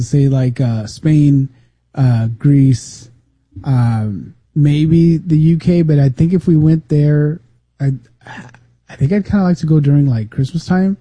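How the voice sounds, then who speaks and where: A man co-hosting a radio chat, speaking hesitantly with many halting restarts. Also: on the high side, dark tone, dry recording.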